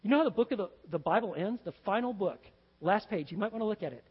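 A man preaching a sermon as pastor, animated and building to excited shouts. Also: high-pitched, fast, husky, long reverb tail, muffled recording. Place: church sanctuary.

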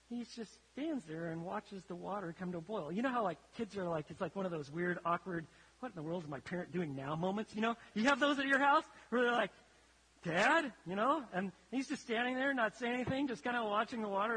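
A man preaching a sermon to his congregation, emphatic, his voice swelling and then dropping low for effect. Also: pushed and bright, slightly rough. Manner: emphatic, rises and drops sharply for effect. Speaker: pastor. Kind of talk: sermon with a story. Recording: long hall reverb.

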